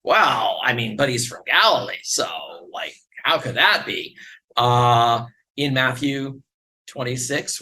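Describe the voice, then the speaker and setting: A middle-aged guest lecturer from the northern United States works through a slide presentation, building his argument step by step. His mid-range voice sounds pushed and bright, earnest with a wry edge. The recording is rough.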